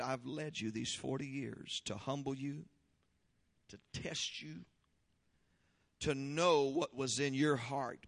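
A man preaching a sermon, leading prayer and praise with fervor, then reading scripture slowly and explaining it. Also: medium pitch, creaky, big-room sound. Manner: fervent, shouting praise then slow deliberate teaching. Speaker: pastor.

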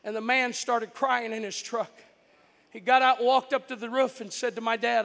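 A man from Florida preaches in a very high, bright voice, spinning stories and rising into shouts at the peaks. The sound rings out across a large, echoing hall. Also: normal speed, vocal fry. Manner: animated, breaks into shouts at story peaks. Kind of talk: storytelling sermon.

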